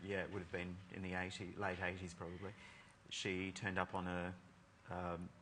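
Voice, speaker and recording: A man's voice: deep voice, monotone, normal speed, noisy background. A man, a fashion designer, telling dry, funny stories about his school days in a casual interview. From Australia. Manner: wry, dry storyteller. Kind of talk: casual chat.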